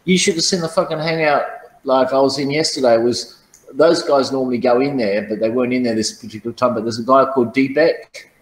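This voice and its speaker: A man's voice: mid-range voice, a little fast, reverberant, poor audio. A man telling profane, boastful stories in casual chat, often laughing at his own tales. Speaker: channel host.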